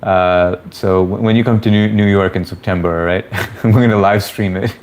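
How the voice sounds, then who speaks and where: A man's voice: fairly low pitch, steady tone, moderate pace, darkish tone. A man hosting a casual livestream, reading viewer comments aloud and greeting people by name in a laid-back, chummy way. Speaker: livestream host.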